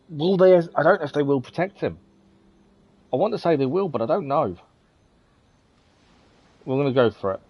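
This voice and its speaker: A man's voice: on the high side, expressive, normal speed, pauses often, highs cut off, slight background noise. A male streamer giving casual let's-play commentary, thinking aloud and hesitating with frequent ums.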